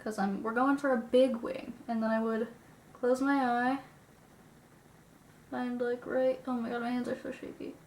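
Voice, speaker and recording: A woman's voice: on the high side, flat delivery, normal speed, pauses often, darkish tone, echoey room, slight background noise. A young woman chatting casually while doing her makeup, sniffly from a recent illness, self-deprecating, swearing and muttering to herself. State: sniffly, getting over an illness. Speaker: beauty vlogger.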